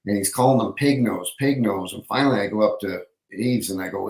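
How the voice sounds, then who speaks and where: A man's voice: on the low side, brisk, hardly any pauses, a little mellow, echoey room, poor audio. A man, a former hockey referee, telling stories as a podcast guest in a rambling, casual way. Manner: rambling, self-correcting storyteller. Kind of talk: casual anecdotal storytelling.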